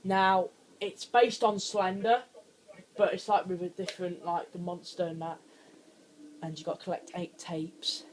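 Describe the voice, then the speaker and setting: A young man giving let's play commentary on a horror game, jumpy and quick to scream when startled. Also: sits high, little pitch movement, slight background noise. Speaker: gaming channel host.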